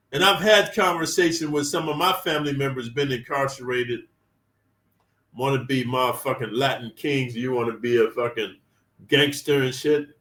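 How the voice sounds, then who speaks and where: A man's voice: mid-range voice, a bit bright. A man hosting his own channel, ranting emphatically with profane street talk as he tells prison stories. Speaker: channel host sharing prison experience. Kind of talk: storytelling rant. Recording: roomy and distant from the mic.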